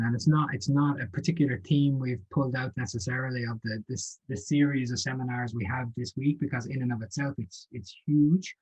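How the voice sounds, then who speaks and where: Man, panel moderator, husky voice, muffled lo-fi audio, halting. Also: medium pitch. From Ireland. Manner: thoughtful, halting with fillers.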